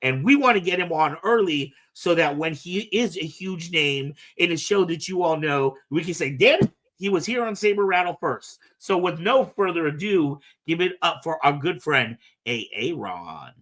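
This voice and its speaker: A man's voice: on the high side, expressive, moderate pace, hardly any pauses, a bit bright. A man hosting a podcast in casual chat, enthusiastic and a bit rambling when introducing a guest. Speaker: podcast host.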